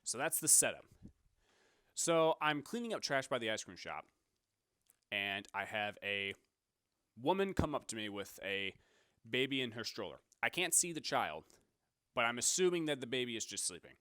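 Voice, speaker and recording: A man's voice: mid-range voice, sing-song, normal speed, pauses often, bright, forceful tone, no echo, studio quality. Rambling young man telling a story. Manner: rambling, self-correcting. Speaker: podcast host. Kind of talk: casual storytelling.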